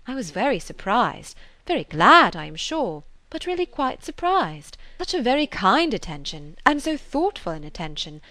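Woman doing a kindly middle-aged lady, measured, gently persuasive, lively pitch, close dry sound. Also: dry recording. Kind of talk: audiobook character reading.

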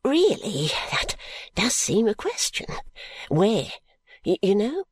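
A man's voice: mid-range voice, measured pace, slightly rough, no room sound. A man reading an audiobook, voicing a meek, perplexed shopkeeper who hesitates, stammers and coughs. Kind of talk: audiobook character voice.

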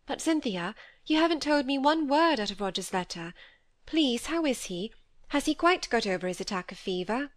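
A woman reading aloud, voicing a gentle, sincere young woman with a soft, earnest manner in a storybook. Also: high-pitched, animated, moderate pace, no echo, studio quality, voice pushed up.

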